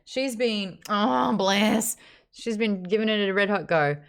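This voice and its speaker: A woman in her thirties hosting a casual book club livestream, chatty and quick to laugh, swearing now and then. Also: medium pitch, expressive, smooth.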